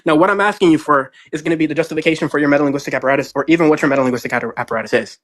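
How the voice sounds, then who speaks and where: A man debating heatedly in a live online debate, rapid-fire and combative, piling on jargon and addressing his opponent as sir. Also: fairly high pitch, a bit bright, no room sound.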